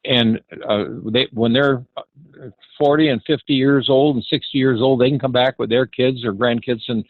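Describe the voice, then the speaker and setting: This is a steady, medium-pitched elderly man in his 80s, heard through a dry, phone-quality recording. Telling an anecdote about founding his ranch, he stops and hesitates a lot and voices the other characters himself.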